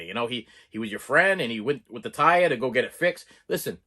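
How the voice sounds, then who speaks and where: Animated, husky-voiced man ranting about a movie. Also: mid-range voice, a little fast. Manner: animated, exasperated, repeats himself. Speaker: movie reviewer. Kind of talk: casual movie review rant.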